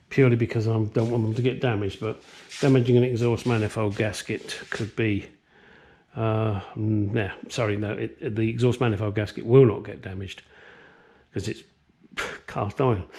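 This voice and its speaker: A man's voice: mid-range voice, darkish tone. A man chatting casually while he works on a car in his home garage, with crude jokes and asides, picked up by a nearby camera mic. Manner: talks while working with tools. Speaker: car restoration vlogger. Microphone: camera mic on a stand nearby.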